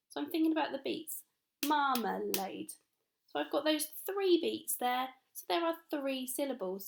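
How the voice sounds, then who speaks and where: A woman's voice: sits high, vocal fry. A woman teacher with an English accent, speaking in an upbeat, encouraging way as she talks young children through their week's learning at home. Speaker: primary school teacher.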